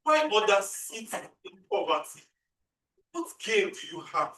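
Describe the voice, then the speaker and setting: A performer plays a desperate young male graduate who pleads loudly for a job in an amateur stage drama, recorded in an echoey room from far off. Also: medium pitch, sing-song, unhurried. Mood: pleading. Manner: pleading, loud and emotional.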